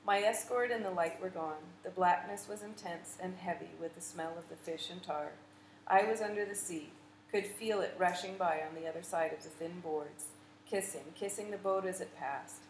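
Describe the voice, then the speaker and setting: A woman narrating a literary audiobook in a measured, vivid storytelling manner. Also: fairly low pitch. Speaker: audiobook reader. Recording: echoey room with faint noise.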